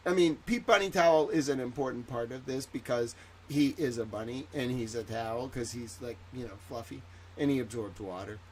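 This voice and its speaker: A man hosts a casual livestream, rambling and joking at a mid-range pitch. His voice swings between loud outbursts and quiet asides, and it stays loose and chatty throughout. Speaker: livestream host.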